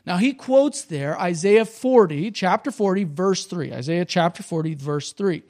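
A man with a notably high voice preaches a sermon at a church service. He teaches in a relaxed, conversational way, going back over each point so the congregation can follow. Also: measured pace. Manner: conversational, explanatory, repeats points for emphasis. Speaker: pastor.

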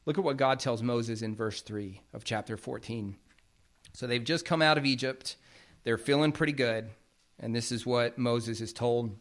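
A man's voice: medium pitch, normal speed. A man preaching a sermon as pastor, explaining scripture in a plain, conversational way.

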